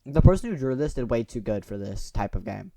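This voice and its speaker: A young gaming channel host reads a visual novel's story aloud, breaking in with goofy, chatty asides. His medium-pitched voice is warm and a bit creaky, very animated, and moves a little fast.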